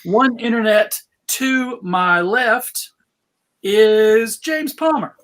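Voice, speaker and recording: Slow, bright-voiced playful panel host. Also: male voice, sits high, expressive. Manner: slow, playful, drawn-out phrasing. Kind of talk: casual video panel chat. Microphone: video call.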